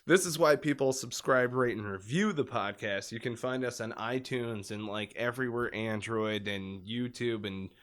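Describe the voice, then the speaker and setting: A man hosting a podcast in casual, joking chat, loud and profane. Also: mid-range voice, normal speed, hardly any pauses. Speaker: podcast host.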